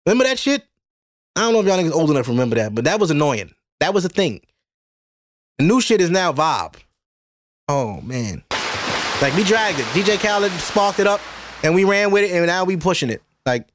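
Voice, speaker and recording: A Brooklyn man with a New York accent hosts a podcast, delivering a rambling, profane, exasperated monologue. His voice is a little high, very animated and fairly quick, recorded dry in studio quality.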